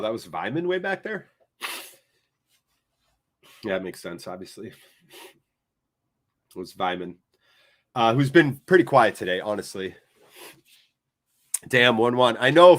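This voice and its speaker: An American man hosting a live fan watchalong, calling the play and chatting with viewers in an excitable, chatty way. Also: mid-range voice, takes it slowly, long pauses. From United States.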